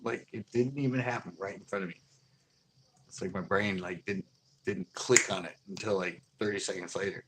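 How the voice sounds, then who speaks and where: Middle-aged guy rambling through a story on his fishing stream, lowish voice, lots of uh and like. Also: brisk, long pauses. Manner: rambling, animated retelling with lots of fillers. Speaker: fishing channel host. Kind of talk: casual livestream storytelling.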